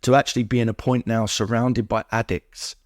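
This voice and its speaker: A man's voice: medium pitch, little pitch movement, a little fast, no room sound, studio quality. A man talking as a podcast guest in an emotional, heartfelt conversation, earnest and repeating himself in rhythmic runs of words. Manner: earnest, repetitive, lists things in rhythmic runs.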